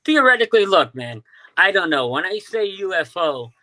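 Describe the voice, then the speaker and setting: His voice sits high, with big pitch swings and a bright, forceful tone at a moderate pace. A UFO sky watcher from Staten Island with a New York accent, he tells stories as a casual interview guest, restarting often and using many fillers.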